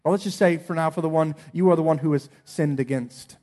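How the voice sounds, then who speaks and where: A thirtysomething pastor with a voice on the high side preaches a little fast. His sermon is sincere, moving from soft moments up to emphatic calls.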